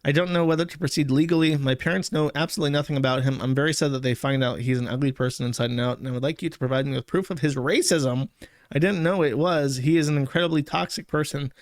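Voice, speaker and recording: A man's voice: on the high side, steady tone, fast talker, no room sound, clean studio sound, lightly acted. A man reading as a frightened young woman. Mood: earnest. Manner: read out plainly, no accent attempted.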